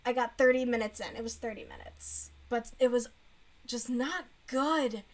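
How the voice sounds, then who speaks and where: A woman streamer chats casually while crocheting, her voice on the high side and her speed normal. She reviews books bluntly and frankly, mocking them and laughing along the way.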